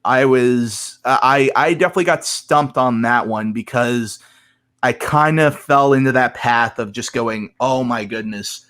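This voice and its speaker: A man speaking at a middling pitch, answering podcast questions in a casual way. He hesitates, restarts his sentences and fills the gaps with ums. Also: unhurried, a bit bright, clear, resonant tone. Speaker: podcast guest, competitor.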